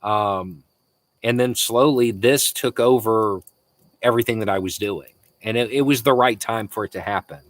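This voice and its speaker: Laid-back Southern man, low voice. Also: normal speed. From Florida. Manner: relaxed, chuckles often, hesitant restarts. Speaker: livestream host. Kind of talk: casual live Q&A reading viewer messages.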